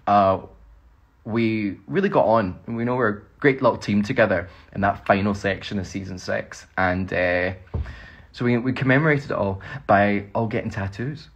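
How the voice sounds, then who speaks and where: Scottish man, husky voice, rambling, fan Q&A on a phone livestream. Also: medium pitch, a bit bright. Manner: chatty, rambling, laughs often. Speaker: actor answering fan questions. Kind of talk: casual livestream Q&A.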